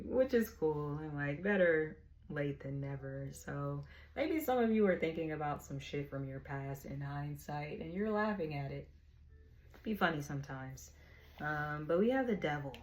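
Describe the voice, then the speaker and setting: A woman talks through a tarot spread in a loose, slangy way, frank and quick to laugh. Her voice sits a little low, and there is a clear hiss of noise with clicks behind her. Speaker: tarot reader. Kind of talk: casual tarot reading.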